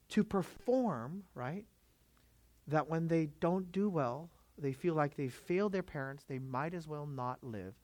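A man's voice: fairly high pitch, dry recording. Emphatic male pastor preaching. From Filipino background. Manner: emphatic, rhetorical questions to the congregation. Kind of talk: sermon.

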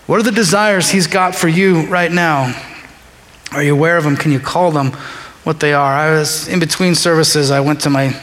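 High-voiced preacher in a reverberant church. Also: male voice, moderate pace, a bit bright, a little hiss or hum. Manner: conversational, emphatic, repeats key phrases. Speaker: pastor. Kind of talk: sermon. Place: church sanctuary during a service.

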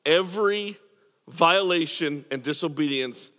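Man pastor preaching, kinda high voice, earnest, repeats himself for emphasis, big echoey church hall. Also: a little slow, pushed and bright. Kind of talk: sermon.

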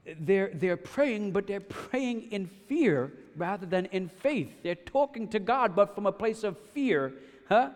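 A man preaching a sermon, emphatic, shifting between loud bursts and hushed passages, often checking in with his listeners with "yes?" and "right?". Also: high voice, expressive, slow pace, in a large hall. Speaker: pastor.

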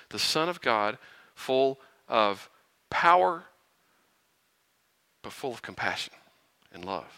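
Animated preacher with a bright voice. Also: male voice, medium pitch, no echo. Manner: animated, chuckles often, uses rhetorical questions. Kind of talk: sermon.

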